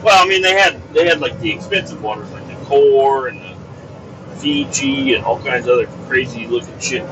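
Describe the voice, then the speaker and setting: A man hosting a podcast, rambling and cursing in an exasperated monologue from his car on the highway. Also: normal speed. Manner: profane, rambling, exasperated rants. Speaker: podcast host. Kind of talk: casual rambling monologue while driving. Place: inside a moving vehicle on the highway. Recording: distant, dull mic with road noise. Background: car and road noise.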